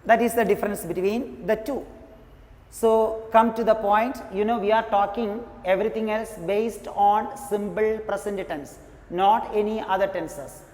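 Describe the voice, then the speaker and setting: A teacher giving a grammar lesson, slowly repeating each example sentence and often saying "you know". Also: medium pitch, fairly even intonation, a little mellow. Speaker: English teacher. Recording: long reverb, echoey room.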